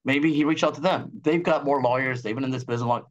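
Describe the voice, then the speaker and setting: A man voicing an eager male office worker pitching a bright idea to his colleagues. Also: fast, muffled recording, close to an everyday voice.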